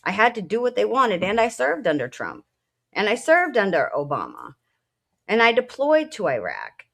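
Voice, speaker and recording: A woman's voice: mid-range voice, huge pitch swings, moderate pace, creaky, a bit bright. A woman co-hosting a casual political talk show, a military veteran who speaks bluntly and emotionally, swearing at times. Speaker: co-host.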